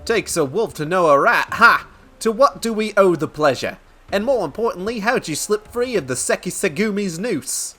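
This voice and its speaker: Give me a man playing a suspicious game thief, high and forceful. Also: animated, normal speed, exaggerated voice. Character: gruff suspicious male thief, sharp-tongued.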